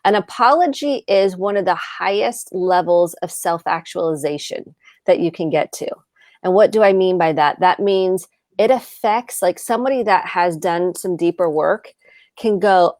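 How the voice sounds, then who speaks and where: A woman therapist calmly explaining in a video call conversation, acting out short example exchanges. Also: fairly low pitch, moderate pace, no room sound, studio quality. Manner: calm explaining, acts out example dialogue.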